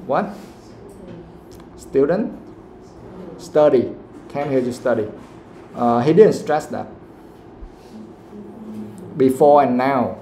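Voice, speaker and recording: A man teaching an English pronunciation class, explaining slowly and checking in with "okay?" after nearly every point. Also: medium pitch, expressive, warm tone, echoey room, a little hiss or hum. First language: Vietnamese. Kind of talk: live classroom lesson.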